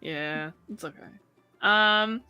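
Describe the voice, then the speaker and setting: A person moderating questions on a livestream in a relaxed, soft-spoken way. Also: mid-range voice, slow pace, clean tone, lo-fi sound, faint music behind. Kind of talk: casual group chat on a livestream.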